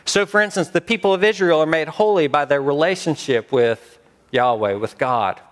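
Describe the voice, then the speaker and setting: A man preaching a sermon as pastor, emphatic with dramatic pauses. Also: on the high side.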